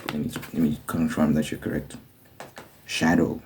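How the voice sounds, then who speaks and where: A man in whispered role-play as an ASMR creator, running a mock eye test and rambling jokily between whispers and soft talk. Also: very deep voice, little pitch movement, normal speed, heavy background noise.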